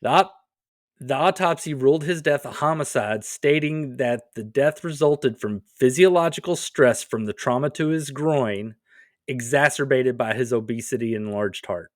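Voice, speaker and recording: A man co-hosts a comedy podcast, recounting stories in a relaxed, casual way with dry, wry asides. His voice sits in an ordinary middle pitch. The sound is close and dry, with no room echo. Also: moderate pace. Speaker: podcast co-host.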